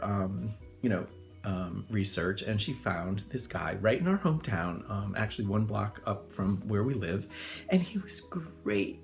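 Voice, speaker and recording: A man, an older hairdresser from Connecticut, telling rambling personal stories in a casual monologue full of fillers. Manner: chatty, rambling, full of fillers, acts out voices in high squeals.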